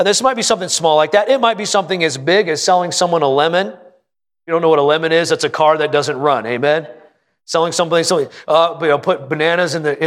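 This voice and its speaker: A man preaching a sermon with a voice a little higher than most men's. He talks in a folksy, joking way and keeps asking the congregation questions. He slows down to lean hard on the lines that matter. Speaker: pastor.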